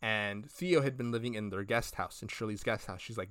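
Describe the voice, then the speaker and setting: A man's voice: fairly low pitch, fairly quick, hardly any pauses, fairly bright tone, dry recording, clean studio sound. A man co-hosting a podcast, retelling scenes in a rambling, casual way and acting out the characters' lines. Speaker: podcast co-host. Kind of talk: casual review chat.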